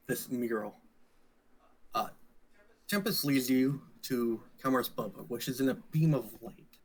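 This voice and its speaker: A man narrating a tabletop role-playing game as dungeon master, describing scenes slowly with frequent fillers. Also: medium pitch, low-quality recording. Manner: slow, relaxed narration with fillers.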